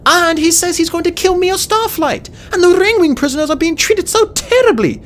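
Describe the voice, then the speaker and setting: Woman doing a high, pleading young dragoness. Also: animated, fairly quick, slight background noise. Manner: pleading, pushed high and urgent.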